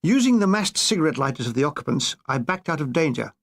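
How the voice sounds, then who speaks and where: A man reads a comic war memoir with wry, deadpan timing. His voice sits fairly high for a man and rises and falls in lively swoops. It is a storyteller's reading. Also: quick pace. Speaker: narrator.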